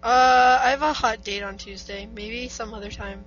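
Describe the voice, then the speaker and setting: A woman's voice: fairly high pitch, fairly even intonation, normal speed, a bit bright. Teasing young woman on a podcast. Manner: teasing, joking. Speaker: podcast co-host. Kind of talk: casual chat. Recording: muffled with light static.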